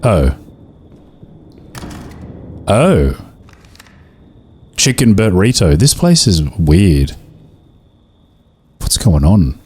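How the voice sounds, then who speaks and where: A man comments casually over a game in a low voice, joking, talking to the characters and sometimes bursting into excitement. Soft music plays faintly behind him. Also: takes it slowly, long pauses. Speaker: gaming video host.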